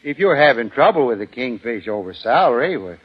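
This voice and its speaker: A man's voice: mid-range voice, sing-song, fairly quick, slightly rough. A man doing folksy, joking banter in a 1940s radio comedy. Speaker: comedian guest. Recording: muffled 1940s radio broadcast.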